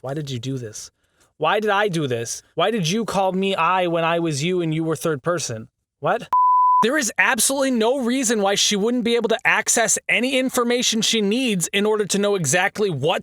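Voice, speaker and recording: A man's voice: high-pitched, lively intonation, a little fast, bright, forceful tone. A man recording a scripted critique who keeps stumbling over words, cursing at himself and restarting. He says his throat is sore. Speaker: video essay narrator recording outtakes. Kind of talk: blooper outtakes of a scripted critique.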